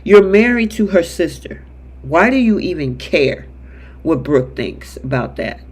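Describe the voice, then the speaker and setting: A man's voice: on the high side, big pitch swings, unhurried, breathy edge. A man hosting a live chat show that recaps a soap opera, reading viewer comments and acting out characters' lines in quotes. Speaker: show host.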